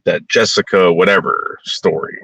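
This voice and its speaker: A man's voice: deep voice, fairly even intonation, moderate pace, vocal fry, sharp tone, slightly rough, low-quality recording. A man ranting bluntly in a heated, profane opinion monologue.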